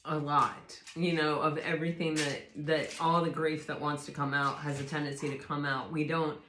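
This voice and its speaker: Lower-voiced woman giving a rambling tarot reading. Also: level tone, moderate pace, fairly bright tone, slight background noise. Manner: rambling, reflective, restarts sentences often. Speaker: tarot reader. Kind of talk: casual spoken tarot reading. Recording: roomy echo.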